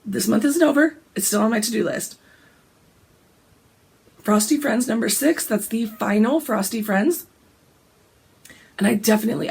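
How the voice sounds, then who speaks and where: Hoarse, gravelly woman with a cold. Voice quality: gravelly, deep. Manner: frequent throat clearing, chatty and rambling. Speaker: cross-stitch vlogger. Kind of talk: casual chat.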